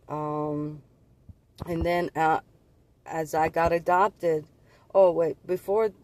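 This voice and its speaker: Man, earnest spiritual testimony, rambling delivery, voice a little high. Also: darkish tone. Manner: earnest, rambling, repeats and restarts words. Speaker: vlogger sharing visions.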